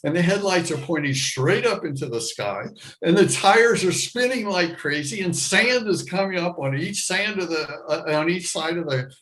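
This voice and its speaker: A middle-aged American man telling a personal story to a live audience, animated, jumping into loud high voices for the people in it. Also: normal speed, low-quality recording. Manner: animated, acts out his younger self and others with loud high shouts.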